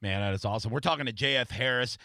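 Male radio host, bright and forceful, dry close mic, rambling storyteller. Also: mid-range voice, racing, dry recording. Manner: rambling storyteller, many restarts and fillers. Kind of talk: casual radio interview chat.

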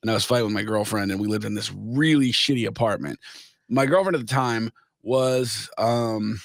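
A man's voice: lowish voice, normal speed, vocal fry, no echo, clean studio sound. A man in his thirties co-hosting a podcast, trading wry, sarcastic banter in casual chat. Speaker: podcast co-host.

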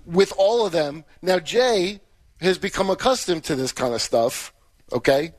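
A man's voice: high voice, lively intonation, measured pace. A comedian defending his version of a story on a radio talk show, lecturing and defensive. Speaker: comedian guest. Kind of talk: heated argument on a radio show.

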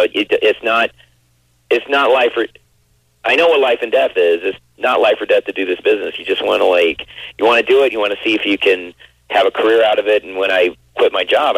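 A man's voice: on the low side, fast, fairly bright tone, breathy edge, dry recording, poor audio. A man in his forties, a guest actor, chatting in an interview with many restarts and fillers. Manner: rambling, full of restarts and you-knows. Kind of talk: casual interview chat.

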